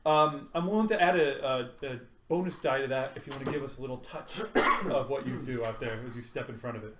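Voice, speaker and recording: A man narrating as game master at a tabletop game, animated and quick to slip into character voices. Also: mid-range voice. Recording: echoey room with faint noise.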